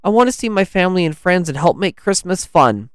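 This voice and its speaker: A man voicing a naughty young male elf in a high, strained boyish voice for a storybook podcast. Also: animated, brisk, no echo, clean studio sound. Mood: tearful pleading.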